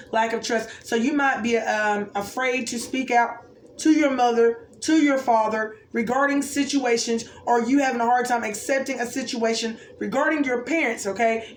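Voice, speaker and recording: A woman giving an intuitive oracle card reading to viewers, musing aloud and often asking "okay?". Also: fairly high pitch. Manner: musing, exclamatory, keeps checking in with "okay?". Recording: roomy echo, faint background noise.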